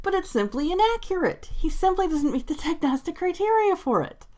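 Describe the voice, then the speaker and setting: A woman's voice: very high-pitched, very animated, fairly quick, a little mellow. Exasperated sarcastic woman vlogger. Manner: exasperated, sarcastic, laughs and sighs often. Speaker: video creator. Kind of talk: opinionated commentary vlog.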